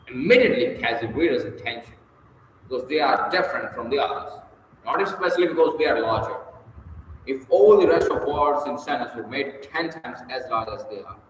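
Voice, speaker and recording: A man reading a book on public speaking aloud, measured and stressing key words with sharp jumps in pitch. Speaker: audiobook reader. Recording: very echoey room, long reverb, faint hiss.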